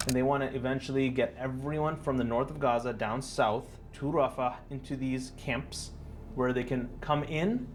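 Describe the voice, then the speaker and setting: A man's voice: medium pitch, steady tone, moderate pace, a little hiss or hum. A man in an interview giving a grave, explanatory answer.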